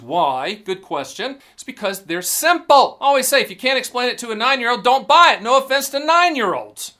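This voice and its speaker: Animated, bright-voiced man explaining annuities. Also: sits high. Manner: animated, jokey, punchy catchphrases. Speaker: annuity agent and show host. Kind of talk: direct-to-camera sales explainer.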